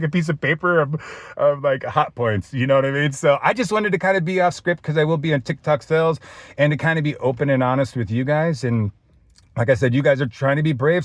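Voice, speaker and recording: A fitness vlogger in his thirties, with a fairly high voice on a dry recording, films an off-the-cuff vlog. He's teary and choked up, rambling and saying "dude" a lot.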